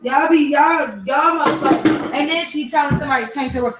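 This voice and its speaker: Soft music plays in the background as a woman with a high voice speaks fairly quickly, hosting a casual morning livestream from her kitchen at home. Talking to her chat, she rants bluntly and profanely in an echoey room with faint noise.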